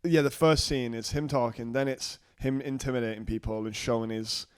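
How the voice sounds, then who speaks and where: A man's voice: medium pitch, steady tone, fairly quick, clear, resonant tone, no echo. A man, co-hosting a film podcast and walking through scenes with lots of agreement. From Manchester, England. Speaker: podcast co-host. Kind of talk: casual film chat.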